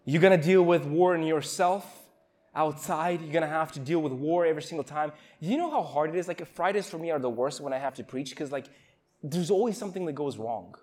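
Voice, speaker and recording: Young man, youth camp preacher, earnest and emotional, stumbling restarts, fairly high pitch. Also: fairly quick, a little mellow. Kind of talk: informal sermon.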